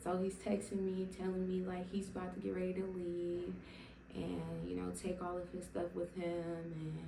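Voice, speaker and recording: A woman's voice: lowish voice, monotone, moderate pace, vocal fry, far from the mic, noisy background. A young woman telling her personal faith testimony to camera, emotional and rambling, with many fillers and restarts. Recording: roomy sound from away from the mic.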